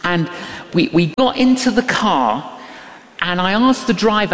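Emphatic older preacher in an echoey hall. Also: male voice, sits high, animated, normal speed, fairly bright tone. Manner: emphatic, repeats key phrases, acts out quotes. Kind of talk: sermon with storytelling. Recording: echoey hall with long reverb.

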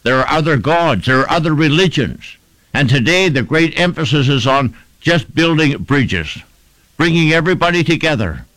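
Lively, emphatic male preacher. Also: a little high, moderate pace, no room sound, low-quality recording. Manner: emphatic, repeats phrases in rhythmic lists. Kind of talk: sermon.

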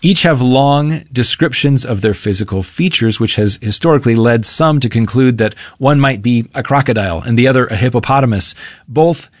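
A man's voice: medium pitch, no echo. Earnest male preacher, dry sound. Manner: earnest, measured, reads scripture aloud. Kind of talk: sermon.

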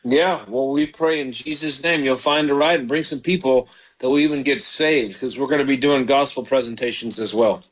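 A man's voice: mid-range voice, normal speed, poor audio. A man, a pastor, hosting a live call-in show, fervent and encouraging as he prays with callers.

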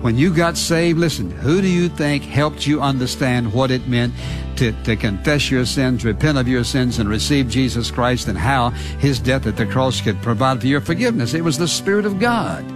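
A man's voice: mid-range voice, normal speed, over music. A man preaching a radio sermon in an emphatic way, often breaking in with "listen" to press his point.

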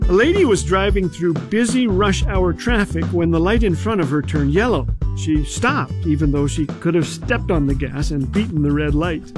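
A man's voice: fairly high pitch, animated, normal speed, hardly any pauses, music in the background. A man hosting a humor radio program, telling jokes and comic stories in a dry, scripted way. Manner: dry, joke-telling delivery. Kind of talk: scripted comedic storytelling.

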